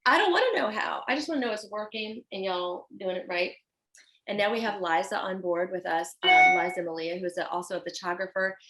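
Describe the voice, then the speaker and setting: A woman's voice: on the low side, low-quality recording. A woman guest on a podcast interview, a fashion designer speaking in an earnest, effusive way. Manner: earnest and effusive, animated when telling stories.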